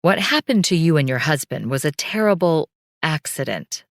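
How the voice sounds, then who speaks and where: A woman's voice: deep voice, big pitch swings, normal speed, no room sound, clean studio sound. A woman voicing a slick, emotionless man in a suit who speaks matter-of-factly with a fake smile. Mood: smooth. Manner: matter-of-fact, falsely smiling.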